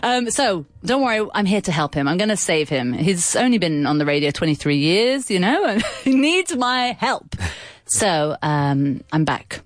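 A woman's voice: on the low side, big pitch swings, normal speed, few pauses, no room sound, studio quality. A middle-aged woman from England co-hosting a radio show, chatting casually and teasing her co-host, laughing often. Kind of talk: casual bilingual radio chat.

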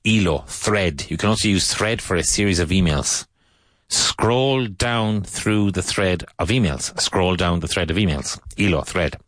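An Irish man teaching English vocabulary, saying each word slowly and repeating it for learners. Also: sits low, a bit bright, no room sound. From Ireland. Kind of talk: vocabulary lesson.

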